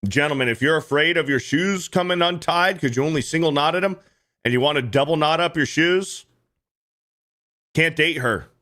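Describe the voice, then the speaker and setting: A livestream host reacts to clips with casual, profane commentary, frequently repeating himself. His voice is fairly high, pushed and bright, at a normal speed.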